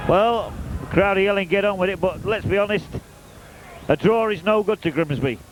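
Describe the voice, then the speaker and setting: Man with a high voice, chatty and wry commentary on a football match for the home team, loud noise behind him in an open-air stadium. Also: moderate pace. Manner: chatty, wry and openly partisan. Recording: noisy outdoor stadium recording.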